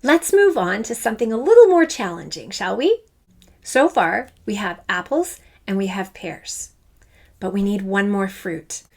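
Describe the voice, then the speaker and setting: A woman's voice: medium pitch, very animated, unhurried. A woman teaching a children's music lesson. She sounds enthusiastic and encouraging, chants fruit names in rhythm, and draws out the syllables. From Canada. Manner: enthusiastic, encouraging, speaks straight to the learner.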